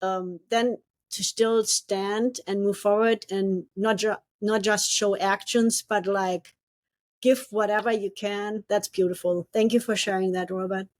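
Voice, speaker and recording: Measured woman podcast co-host, dry sound. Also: medium pitch, fairly even intonation, no echo. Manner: thoughtful, measured, with many ums. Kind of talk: reflective podcast conversation.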